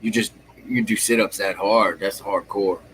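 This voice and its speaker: A man's voice: on the low side, steady tone, moderate pace, a bit bright, slight background noise, poor audio. A man hosting a casual chat, laid-back, asking short questions and reacting briefly.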